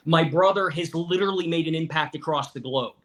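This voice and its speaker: A man's voice: a little high, brisk, a bit bright. A middle-aged man from West Virginia, a guest telling his family story in an interview, earnest and often restarting his words. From Weirton, West Virginia.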